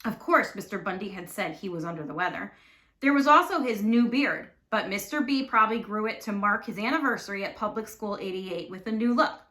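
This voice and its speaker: A woman teacher reading a storybook aloud with expressive, animated narration. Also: mid-range voice, brisk. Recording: echoey room.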